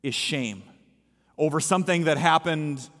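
A man's voice: fairly high pitch, a little slow, a bit bright. A male pastor giving a sermon in a church, preaching with emphasis and repeating his key lines. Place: church sanctuary. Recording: echoey hall with long reverb.

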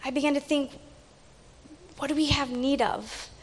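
A woman giving a personal devotional reflection, asking slow, searching questions and letting her voice fall hushed. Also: sits high, fairly even intonation. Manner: questioning, slow, hushed toward the end of phrases. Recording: long echo of a large hall.

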